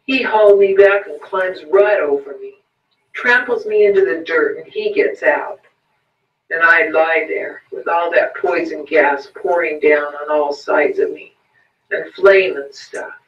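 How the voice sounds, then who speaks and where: Bitter blind beggar figure read aloud by a man, high whining voice, roomy muffled distant sound. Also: a little slow, natural voice. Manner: whining, pleading, rising to frantic cries. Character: bitter blind male peddler, begging, self-pitying.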